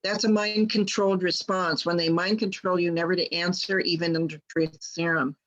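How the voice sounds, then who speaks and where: A woman's voice: fairly low pitch, steady tone, moderate pace, fairly bright tone, lo-fi sound. A woman telling a long personal story in a rambling way, with many restarts. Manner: rambling with restarts, quotes others plainly. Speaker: guest healer telling her story. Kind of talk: casual storytelling.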